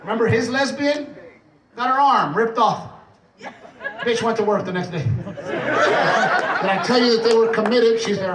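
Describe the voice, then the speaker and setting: Rowdy high-voiced stand-up comedian, echoey club. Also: male voice, moderate pace, very noisy. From Texas. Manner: profane, rowdy storytelling with shouted impressions. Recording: echoey club sound from a distant mic under loud audience laughter. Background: loud audience laughter.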